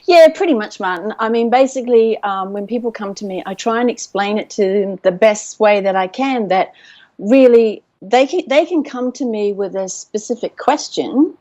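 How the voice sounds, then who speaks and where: A woman's voice: medium pitch, moderate pace. Australian woman on a dull call line. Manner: relaxed, explanatory, with fillers. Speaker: clairvoyant guest. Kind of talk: casual interview chat.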